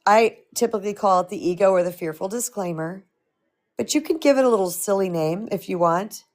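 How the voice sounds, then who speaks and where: A middle-aged woman coaching on a live stream, with a slightly crackly voice, talking in an animated, chatty way and answering viewer comments. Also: mid-range voice, brisk. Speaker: spiritual empowerment coach.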